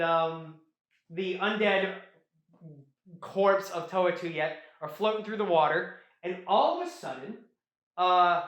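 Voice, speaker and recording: A high-voiced man hosts a casual chat, rambling through a story recap with animated energy and frequent swearing. The room gives his voice a roomy echo. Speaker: host.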